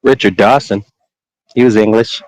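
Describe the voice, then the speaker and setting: A man chatting casually as a guest, relaxed and reflective, with pauses and hesitations. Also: lowish voice, no room sound, poor audio. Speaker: guest on stream. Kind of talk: casual chat.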